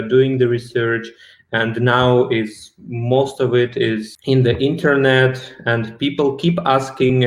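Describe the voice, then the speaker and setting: Man asking questions in a roomy echo. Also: mid-range voice. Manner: thoughtful, searching questions with pauses. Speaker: interview host and harpist. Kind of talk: casual interview conversation.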